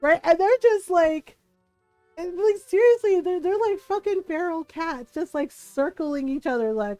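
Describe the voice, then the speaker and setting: A high-pitched woman chats casually while streaming a game, laughing often and peppering her stories with "like." Her voice sits dry and close, with soft music playing low behind her. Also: measured pace, no echo. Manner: animated storyteller, laughs often, many "like" fillers.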